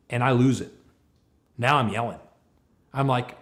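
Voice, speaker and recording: A man giving a talk on leadership, telling a story with lively, animated delivery and acting out both sides of a conversation. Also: medium pitch, moderate pace, pauses often. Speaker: speaker on leadership.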